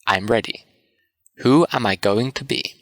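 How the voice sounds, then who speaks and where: A man's voice: on the low side, measured pace, a bit bright, no room sound. A man reading the part of a boastful, eager weaver who wants every role in the play, in a pompous, show-off manner, in a storybook reading. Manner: pompous, showing off.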